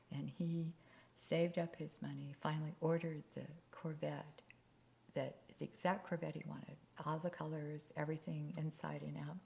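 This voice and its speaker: A woman telling faith stories in a casual talk, with halting restarts and whispered asides. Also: low voice, vocal fry, warm tone. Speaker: speaker.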